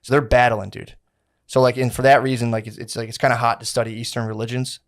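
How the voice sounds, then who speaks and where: A man's voice: medium pitch, flat delivery, quick pace. A man co-hosting a podcast, telling a story in casual, rambling chat full of slang and swearing, acting out the people in it. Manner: rambling, slangy, profane, acts out quotes. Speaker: podcast co-host.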